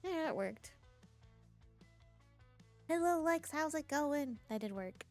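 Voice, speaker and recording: A woman's voice: high voice, animated, takes it slowly, soft background music. A woman game streamer in casual live-stream chat from a home setup, chatty, laughing often and greeting viewers by name, on a desk mic with her headset off.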